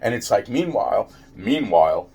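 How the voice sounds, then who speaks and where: In a ranting vlog monologue, a man addresses the camera directly, swearing, rambling, repeating himself and tripping over restarts. His pitch is on the low side with big swings, and he talks at normal speed with vocal fry, a darkish tone and a breathy edge.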